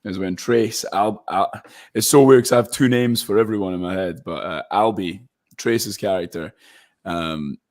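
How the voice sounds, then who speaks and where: A man's voice: deep voice, moderate pace. A Scottish man in his late twenties, a guest actor chatting in an interview and telling stories with frequent laughter. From Scotland. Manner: animated storyteller, laughs often. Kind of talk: casual interview chat.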